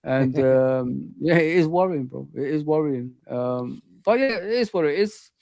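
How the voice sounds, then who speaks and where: A man's voice: on the high side, animated, measured pace, vocal fry, darkish tone, dry recording. A man hosting a casual football chat, talking loosely with lots of "man" and "bro". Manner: chatty, says "man" and "bro" a lot. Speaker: host.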